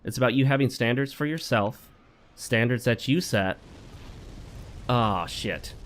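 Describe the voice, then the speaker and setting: A male gaming host with a voice of ordinary pitch. He narrates his play in a loose, chatty way and slips into wry jokes and advice between fights. The feel is casual let's-play commentary. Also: a little slow, a little hiss or hum. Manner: chatty and wry, joking asides while playing.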